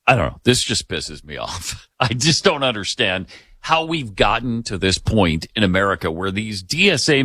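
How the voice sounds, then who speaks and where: A man's voice: on the low side, sharp tone, no room sound, clean studio sound. A man co-hosting a political talk radio show, chatting casually with a sarcastic, exasperated edge and frequent chuckles.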